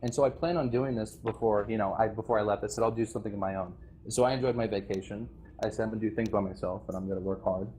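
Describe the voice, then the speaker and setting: A former game server staff member speaks to players over a voice chat mic, delivering an impassioned, rambling speech about the community he left, with frequent restarts and nervous laughs. His voice is lowish and dark, his tone steady, and he talks at a racing pace. There's slight background noise.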